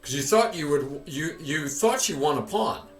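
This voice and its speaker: A man's voice: a little high, expressive, moderate pace, soft background music. A man teaching a chess lesson, patiently quizzing his student with questions, recorded with room echo from a distance.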